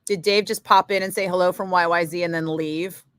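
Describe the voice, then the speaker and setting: Woman, radio DJ, casual livestream chat, forceful bright tone, dry close studio sound. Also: on the low side, a little fast, clean tone, no room sound. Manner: chatty and animated, with many fillers. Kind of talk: casual livestream chat answering viewer comments.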